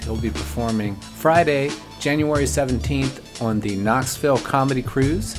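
A man hosting a comedy podcast, reading plain promotional announcements. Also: medium pitch. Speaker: podcast host. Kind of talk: scripted announcement. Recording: voice over music.

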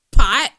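Slow drawling woman dishing gossip, dramatic and slangy, swings all over. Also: extremely high pitch, pushed and bright. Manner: slangy, laughs a lot, dramatic. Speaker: podcast co-host. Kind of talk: casual gossip chat.

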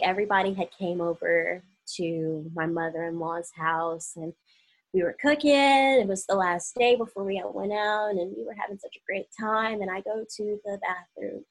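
A woman's voice: medium pitch, measured pace, rough recording. A young woman from Oklahoma telling a personal story in a casual vlog, acting out the voices of the people she quotes.

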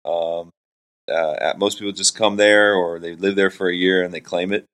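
Deep-voiced joking man from Florida. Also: little pitch movement, moderate pace, fairly bright tone. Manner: jokey, self-deprecating, rambling. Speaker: Christian hip hop artist and pastor. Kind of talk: casual podcast interview. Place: hotel room.

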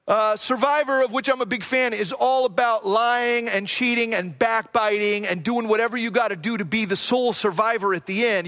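A man's voice: sits high, fairly bright tone. A middle-aged male pastor giving a sermon in an earnest, repetitive preaching cadence, with rhetorical questions and self-deprecating asides. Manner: self-deprecating asides, jokes about his own accent.

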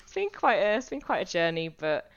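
A woman's voice: fairly low pitch, sing-song, fairly quick, dull audio. A woman who teaches primary school music, talking in a casual podcast chat with frequent restarts. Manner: chatty, with frequent restarts and light laughs.

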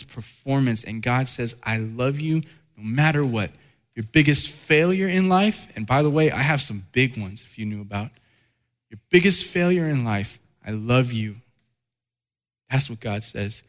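Earnest preaching man, mid-pitched. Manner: earnest, repetitive emphatic preaching with personal stories. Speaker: pastor. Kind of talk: sermon.

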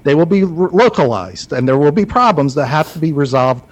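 A man's voice: on the high side, big pitch swings, brisk, rough recording. A man speaking as a guest, making an earnest, emphatic case. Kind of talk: advocacy talk.

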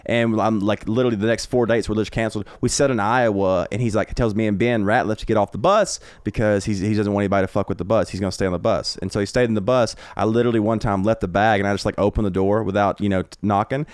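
A man talking quickly through loose, profane stories in a lowish, smooth voice. He is recorded in a home podcast room with a close, dry mic. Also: steady tone, dry recording. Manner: rapid, rambling anecdotes with frequent profanity. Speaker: guest comedian. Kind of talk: casual podcast storytelling.

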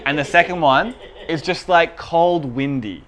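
A man's voice: fairly high pitch, measured pace, a bit bright. A young man, telling personal stories in a casual chat and laughing often. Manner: chatty, self-deprecating storytelling. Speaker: podcast co-host.

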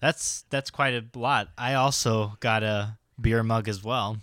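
A man's voice: fairly low pitch, fairly even intonation, unhurried, a bit bright, no room sound, clean studio sound. A young man co-hosting a podcast, wry and self-mocking, swearing casually. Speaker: podcast co-host.

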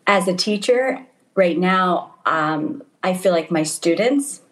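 A woman's voice: fairly low pitch, animated, slow pace, rough recording. Laughing, chatty woman on a call. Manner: warm, laughs often, many ums and restarts. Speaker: missionary guest. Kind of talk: casual conversation. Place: home in Italy, over a call.

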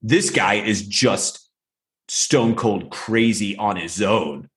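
A man's voice: fairly low pitch, takes it slowly, a bit bright. A man co-hosting a podcast, chatting casually about films and acting out movie lines in shifting voices. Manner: rambling with frequent fillers. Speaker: podcast co-host. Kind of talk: casual film discussion.

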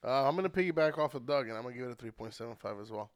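A man's voice: mid-range voice, lively intonation, rapid-fire, no echo, clean studio sound. A man co-hosting a casual beer-tasting chat, easygoing and chiming in briefly. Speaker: co-host.

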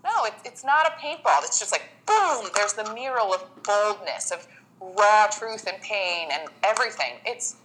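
A woman talking as a podcast guest with a bright, forward tone. She tells her story with feeling and slips into acted-out quotes of herself and others. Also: mid-range voice, lively intonation, normal speed, rough recording. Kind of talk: casual interview chat.

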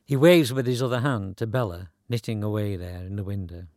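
A man's voice: on the low side, a little fast, a little mellow, dry recording. A man narrating a story in a dry, wry, conversational way.

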